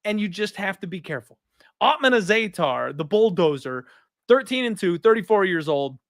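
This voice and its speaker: A man's voice: high-pitched, moderate pace, no room sound, clean studio sound. A man co-hosting a live stream, giving blunt, opinionated fight picks in casual chat. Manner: blunt, opinionated, animated with mock voices. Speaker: co-host, fight picks analyst.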